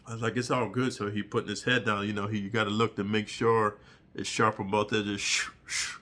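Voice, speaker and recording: A middle-aged man telling prison stories in an animated, profane street-storytelling monologue. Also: lowish voice, fairly quick.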